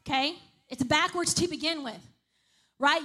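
A woman's voice: sits high, expressive, normal speed, a bit bright. A woman preaching a sermon in a conversational way, often checking in with the congregation. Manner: conversational, repeats "right?" and "okay?" to the congregation.

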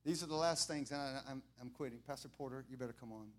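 A middle-aged man preaching an impassioned sermon, building from quiet talk to fervent shouting and repeating his lines. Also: medium pitch, fast talker. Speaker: pastor.

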